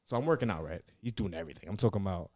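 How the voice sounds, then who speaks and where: A man's voice: low voice, expressive, racing, darkish tone, dry recording, studio quality. A young man, a comedian and former recruit, telling rambling stories in a casual interview, full of "like" and cursing. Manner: rambling, profane, heavy on "like" and "yeah". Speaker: comedian and former Marine recruit, podcast guest.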